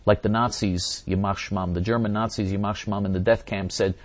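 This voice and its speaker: A man's voice: low-pitched, fairly even intonation, brisk, hardly any pauses, no echo. A man giving impassioned religious teaching and answering viewer questions, repeating phrases and acting out quoted voices.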